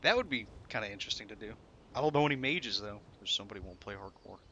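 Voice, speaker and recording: Streamer, young man, bright forceful voice, swearing gamer commentary, faint ambience behind. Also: on the low side, expressive, quick pace, dull audio, slight background noise. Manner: swearing, swinging between frustration and laughter. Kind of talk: live gameplay commentary.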